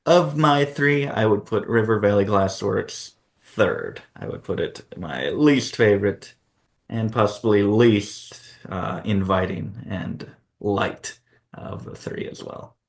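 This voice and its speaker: A man's voice: lowish voice, animated, takes it slowly, gravelly. A man co-hosting a board game channel, chatting casually about award nominees and thinking aloud with fillers.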